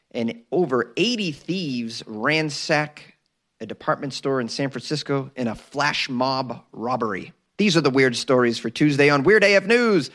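A man's voice: mid-range voice, fairly bright tone. A man hosting a daily news podcast as a comedian, riffing loosely with joking asides.

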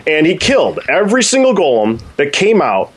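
A man telling a long story on a gaming podcast, his voice riding up and down with excitement. He rambles, restarts often and sits a little high for a man. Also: a little fast, husky. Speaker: podcast co-host. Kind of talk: casual storytelling.

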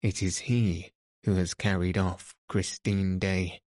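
Man voicing a police commissary, self-satisfied, pointed, low voice, dry sound. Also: little pitch movement, slow, darkish tone, no room sound. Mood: questioning. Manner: pointed, lecturing.

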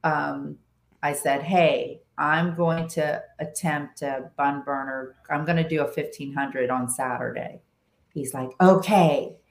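A woman telling a story in casual chat as a podcast guest. She is animated, often restarts her sentences, and acts out the voices of people she quotes. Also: deep voice, measured pace, creaky, reverberant, slight background noise. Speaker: podcast guest, long-distance motorcycle rider.

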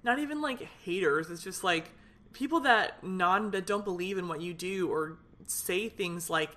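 A woman's voice: fairly low pitch, normal speed, pushed and bright. A young woman hosting her own solo podcast, talking in a fired-up, rambling way with lots of fillers. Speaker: podcast host. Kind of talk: casual solo podcast venting.

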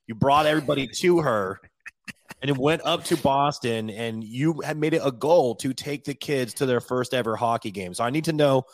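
A man's voice: medium pitch, normal speed, a little hiss or hum. A man hosting a casual podcast, joking and loose, with some swearing. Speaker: podcast host.

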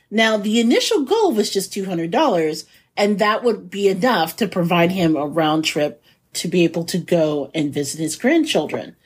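A woman on a podcast with a husky, slightly breathy voice at a middle pitch. She retells a news story in an easy, chatty way and laughs readily. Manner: laughs easily, recaps news stories. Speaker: podcast co-host. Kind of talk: casual chat and story recap.

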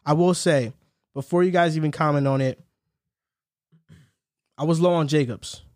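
A man's voice: a little high, darkish tone, no echo, studio quality. Upbeat young man hosting a sports podcast. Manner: laughs while telling stories, reads lists quickly. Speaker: podcast host. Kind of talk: casual sports chat.

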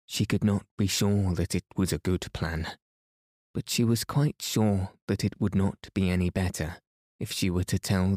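A man narrating a bedtime story in a calm, soothing way for listeners falling asleep. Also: low voice, no echo, clean studio sound. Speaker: podcast host, reader.

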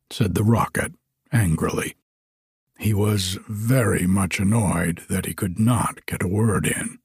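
Give me a breathy man reading a storybook slowly. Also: deep voice, no room sound, studio quality. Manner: slow, quiet, measured. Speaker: reader. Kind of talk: storybook narration.

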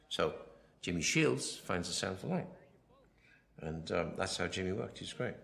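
A film director giving a rambling commentary, full of anecdotes, often quoting himself and others. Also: male voice, sits low, expressive, normal speed, creaky, a bit bright.

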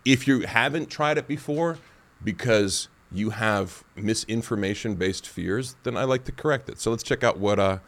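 A man's voice: fairly low pitch, normal speed, fairly bright tone. A man hosting a podcast, talking in a rambling casual way with many fillers. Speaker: podcast host. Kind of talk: casual chat.

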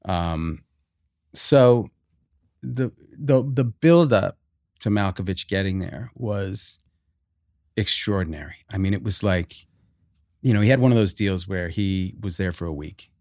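A middle-aged man as a podcast guest, telling stories in an animated way, swearing casually, with frequent restarts. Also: low-pitched, measured pace, long pauses, dry recording, clean studio sound. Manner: animated storyteller, swears, acts out quotes.

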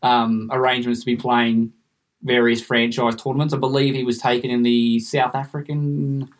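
A man's voice: medium pitch, level tone, moderate pace. A man co-hosting a casual sports podcast, ranting in an emphatic, passionate way. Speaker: podcast co-host. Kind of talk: casual cricket podcast chat.

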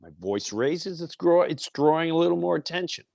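A gravelly middle-aged man hosts a podcast and tells a personal story straight into a close mic. His pitch swings widely as he acts out the people he quotes, and his talk is blunt and profane. The sound is dry and close. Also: lively intonation, moderate pace, a little mellow, no room sound. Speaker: podcast host. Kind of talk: casual storytelling monologue.

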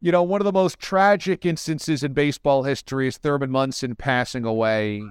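A man's voice: medium pitch, a little fast, smooth, no echo, clean studio sound. A man interviewing a guest with long, earnest, wordy questions.

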